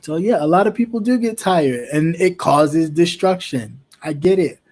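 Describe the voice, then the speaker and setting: Casting: male talk host, fairly high voice, passionate and emphatic. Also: lively intonation, normal speed, a little mellow. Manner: impassioned, emphatic repetition. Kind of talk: political commentary talk.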